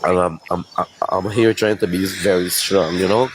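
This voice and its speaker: A grieving father, tearful and shaken, speaking haltingly into his phone outdoors at sunrise. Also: sits low, fairly even intonation, background noise. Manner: halting, repeats words. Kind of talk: emotional selfie video.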